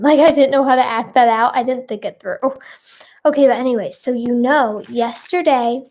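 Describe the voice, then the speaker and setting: A woman's voice: fairly high pitch, darkish tone. A young woman hosting a casual live stream, chatting with viewers in a bubbly, rambling way with giggles.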